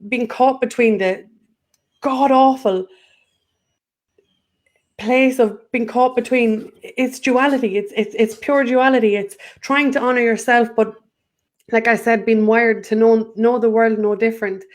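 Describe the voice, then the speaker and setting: A woman's voice: on the high side, steady tone, measured pace. A woman, a guest in a casual spiritual chat, who rambles, restarts and repeats her words.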